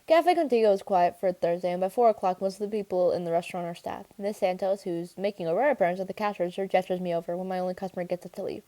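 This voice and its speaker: A woman reading a first-person young adult novel aloud, steady and clear, with the odd restart. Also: on the low side, racing, few pauses. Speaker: audiobook reader. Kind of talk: first-person audiobook narration.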